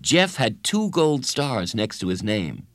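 A man narrating a children's story as an expressive storyteller. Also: medium pitch, slow pace, no room sound. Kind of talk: audiobook narration.

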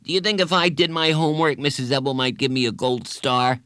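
A man's voice: medium pitch, little pitch movement, a little fast, fairly bright tone, clear, resonant tone, no room sound, clean studio sound, voice pushed up, lightly acted. A man voicing a grumpy, defiant young schoolboy who talks in a sulky, bossy way. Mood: reluctant.

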